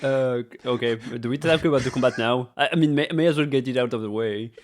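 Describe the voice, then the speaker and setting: A man's voice: medium pitch, fast talker. A young man co-hosting a podcast in casual chat, laughing easily, hesitant, often trailing off mid-thought. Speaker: podcast co-host.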